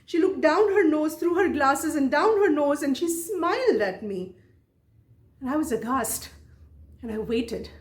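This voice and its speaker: A woman storyteller telling a personal tale in an expressive, dramatic way, repeating phrases for effect. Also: high-pitched, measured pace, echoey room. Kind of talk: oral storytelling performance.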